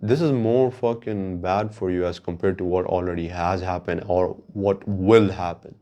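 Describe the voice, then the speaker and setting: Casual podcast host, man, low voice, swears constantly, rambles and rants. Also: expressive, normal speed. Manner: profane, rambling, with frequent restarts; gets loud and heated when ranting. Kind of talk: casual storytelling monologue.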